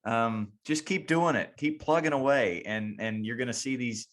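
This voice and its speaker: A man's voice: medium pitch, moderate pace, a bit bright. A man hosting a coaching podcast, speaking in a reflective, encouraging way. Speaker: podcast host. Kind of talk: casual chat.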